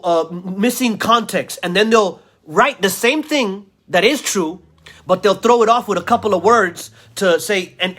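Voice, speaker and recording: A man's voice: high-pitched, fairly bright tone. A man ranting in a video commentary, insulting his listeners, repeating himself and stammering through restarts. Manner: insulting, repetitive, heated rant. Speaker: vlogger.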